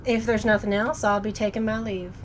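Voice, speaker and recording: A woman voicing a stern, dutiful male vampire sheriff in a game read-through, speaking in a clipped, measured way. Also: mid-range voice, steady tone, slight background noise, lightly acted, rough recording.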